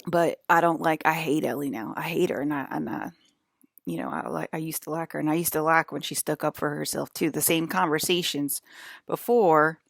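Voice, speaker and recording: A woman's voice: low-pitched, steady tone, brisk, vocal fry, dry recording, clean studio sound. A woman in a casual, rambling monologue, swearing freely and filling her speech with "like" and "um.". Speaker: vlogger.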